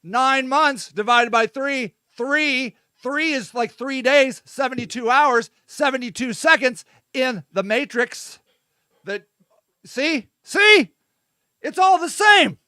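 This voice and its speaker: A man hosting his own show, rambling irreverently and jokily, vamping to his listeners with sudden shouted bursts. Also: very high-pitched, slow, clear, resonant tone, dry recording, clean studio sound. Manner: vamping, talks to his audience. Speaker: host. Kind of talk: casual solo monologue.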